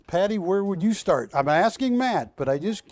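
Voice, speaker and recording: A man's voice: high voice, lively intonation, normal speed, darkish tone. A man hosting a live shopping channel show, chatty and joking with his crew as he sells art prints in a studio. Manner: chatty, jokey, rambling asides to crew. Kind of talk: live TV sales pitch.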